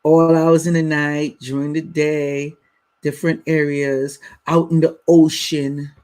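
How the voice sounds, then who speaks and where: A man's voice: fairly high pitch, flat delivery, slow pace, a little mellow. A man hosting a live stream, talking bluntly and casually to his viewers in slang. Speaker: livestream host.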